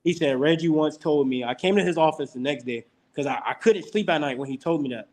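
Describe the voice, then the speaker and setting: This young man's voice is a little high and his pace fairly quick. He's a college football player on a casual podcast, spinning stories and acting out the quotes with animated flair.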